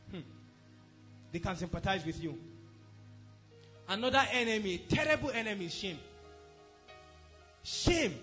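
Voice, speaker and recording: A man with a strikingly high voice preaches a sermon at a church service. He speaks emphatically and checks in with the congregation again and again. Soft music plays quietly behind him. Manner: emphatic, repeatedly asks the congregation if they are following. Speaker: pastor.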